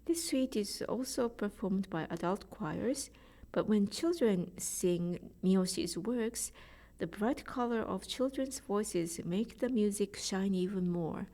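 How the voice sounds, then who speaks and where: A woman's voice: mid-range voice, dark tone. Japanese-accented woman giving a careful lecture. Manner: careful, measured explanations with spoken pronunciation examples. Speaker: choral music presenter. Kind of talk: prepared presentation.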